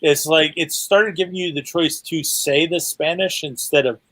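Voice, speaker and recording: A man guesting on a casual livestream, halting and repeating words, with dry humor. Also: on the high side, fairly even intonation, fairly bright tone, no room sound. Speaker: guest author. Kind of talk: casual chat.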